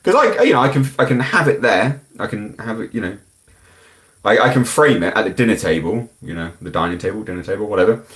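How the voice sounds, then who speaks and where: A man's voice: fairly low pitch, lively intonation, a little fast, a bit bright. A British man hosting a live stream, chatting casually and bluntly as he answers viewer comments in a rambling, frank way. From United Kingdom.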